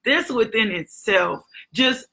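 A woman's voice: fairly high pitch, expressive, slow pace, gravelly, bright, forceful tone. A woman preaching a fervent sermon and reading scripture aloud, repeating phrases for emphasis.

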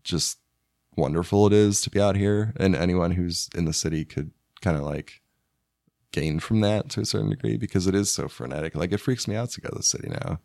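A man with a very low, gravelly voice, hoarse from being sick. He talks in a relaxed, rambling, joking way into a close studio mic. The sound is dry, with no room echo. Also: brisk. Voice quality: deep gravelly voice. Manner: laid-back, rambling, joking. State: hoarse from illness. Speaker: podcast guest, spouse of host. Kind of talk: casual chat. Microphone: studio microphone.

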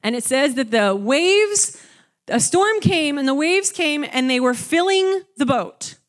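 Animated young woman preaching a sermon. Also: unhurried. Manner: animated, conversational, acts out the disciples with rising pitch.

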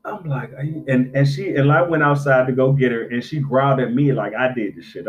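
Profane middle-aged man telling animated stories. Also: medium pitch, a little fast, hardly any pauses. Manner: profane, animated storytelling with acted-out quotes. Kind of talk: casual chat. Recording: dull lo-fi recording.

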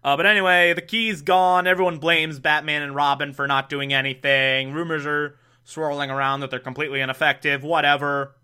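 Young male host, casual sarcastic recap, slightly high bright voice. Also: fairly even intonation, clear, resonant tone. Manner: sarcastic, laughs often, does quick mock voices. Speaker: podcast host recapping a show.

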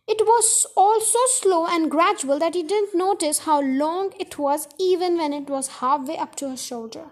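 A woman's voice: very high-pitched, moderate pace. A woman hosting a storytelling podcast, reading a children's book aloud in a chatty way, often correcting herself. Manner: chatty, self-correcting with little apologies. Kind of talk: casual read-aloud storytelling.

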